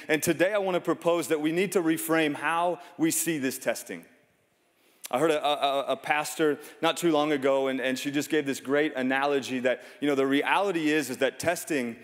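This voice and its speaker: A man in his thirties preaching a sermon, telling stories in a conversational way with self-deprecating humor. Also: fairly high pitch. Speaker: pastor. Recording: long reverb of a large hall.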